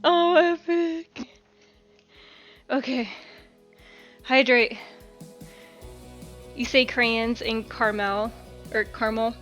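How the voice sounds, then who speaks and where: A young woman talks casually to her chat from a home kitchen, bright and a touch high in pitch. She giggles often, curses lightly and sounds a little out of breath. Soft music plays faintly behind her. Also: fairly even intonation, slow, long pauses. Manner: giggly, chatty, reads chat aloud, swears casually. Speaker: streamer. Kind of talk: casual live-stream chat while cooking.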